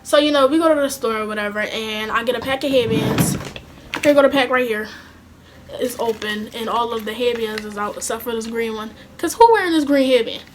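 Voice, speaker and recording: High-pitched chatty young woman. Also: brisk, a little hiss or hum. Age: young adult. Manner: animated, chatty, slangy and swearing. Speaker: vlogger. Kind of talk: casual storytime vlog.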